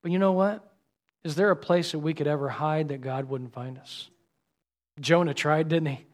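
Preaching a sermon, this middle-aged man is a pastor whose delivery is dynamic, alternating between loud exclamations and quiet passages. His pitch is on the high side and his speed is normal.

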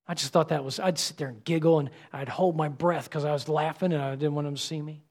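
High-voiced preaching man. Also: steady tone, fast, hardly any pauses. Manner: dynamic preaching, swinging from loud to hushed. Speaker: pastor. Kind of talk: sermon.

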